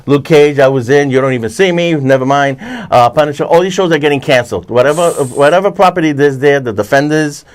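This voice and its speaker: Rambling man chatting about movies. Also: on the high side. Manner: rambling, frequent restarts and fillers, self-corrects; puts on quick voices when retelling scenes. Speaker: host. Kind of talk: casual chat about movies and TV.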